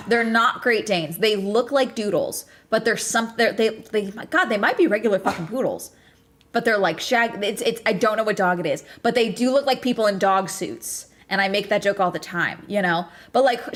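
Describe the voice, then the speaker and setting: A young adult woman streaming and chatting casually, telling stories in a profane, animated way with many restarts. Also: a little high. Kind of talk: casual livestream chat.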